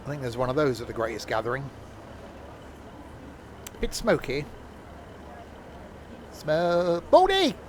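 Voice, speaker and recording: A man's voice: medium pitch, normal speed, pauses often, slight background noise. A man streaming a train simulator, talking through it in wry, grumbling running commentary. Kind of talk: live gameplay commentary.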